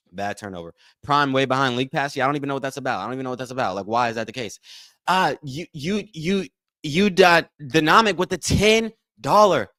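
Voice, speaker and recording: A man's voice: mid-range voice, a bit bright, no echo. Man in a dry, close casual game commentary. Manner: repetitive, addresses chat as y'all, thanks donors. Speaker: livestream host. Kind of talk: casual live play-by-play watch-along commentary.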